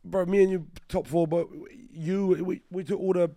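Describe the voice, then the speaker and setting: A man's voice: high voice, moderate pace, no echo, studio quality. A man co-hosting a gaming podcast, chatting casually with slang and swearing. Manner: animated, swears often, slangy. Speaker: podcast co-host. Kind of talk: casual chat.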